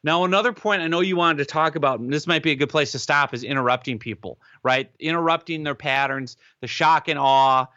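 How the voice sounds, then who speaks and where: A man being interviewed, giving advice in an animated, emphatic way and often checking in with "right?". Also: a little high, a little fast, few pauses, clear, resonant tone, dry recording, lo-fi sound. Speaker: guest expert on webinars.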